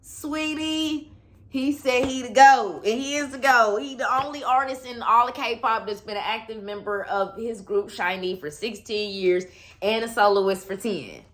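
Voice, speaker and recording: A woman's voice: on the high side, a little slow, fairly bright tone. A woman talking casually to her viewers in an unboxing vlog, sassy and teasing, often laughing and calling them sweetie. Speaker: YouTuber.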